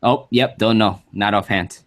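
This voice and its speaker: Easygoing low-voiced podcast co-host man. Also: fairly even intonation, moderate pace. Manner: easygoing, laughs along. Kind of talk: casual chat.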